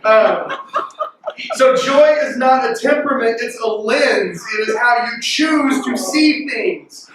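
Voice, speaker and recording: A man preaching a lively, joking sermon to teenagers, with sudden loud outbursts when he acts out reactions. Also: very high voice, slow, a crowd in the background. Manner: animated and jokey, bursts into loud mimicking. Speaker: youth pastor. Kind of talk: youth sermon. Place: large echoey worship hall. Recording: distant mic in reverberant hall.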